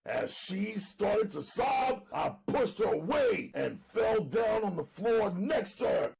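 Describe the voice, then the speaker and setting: A man narrating an audiobook dramatically, loud and emphatic, often near shouting. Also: high voice, big pitch swings, slow, gravelly.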